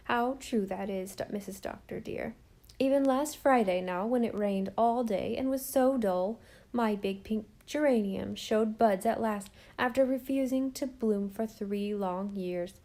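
A woman voicing a fussy, devoted middle-aged housekeeper who talks in an earnest, old-fashioned, dramatic way, with a mellow tone. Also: mid-range voice, a little slow, close to an everyday voice.

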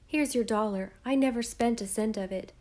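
A defiant young boy from a storybook, sulky but tender-hearted, pleading in a raised, higher voice, as a woman reader puts him on. He sounds earnest and close to tears. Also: normal speed, darkish tone, lightly acted.

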